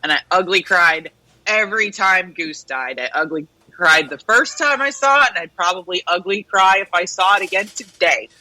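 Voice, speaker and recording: A woman's voice: lowish voice, animated, normal speed, pushed and bright, low-quality recording. A woman co-hosting a radio show in casual chat, opinionated and ranting, swearing freely. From United States. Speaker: radio co-host.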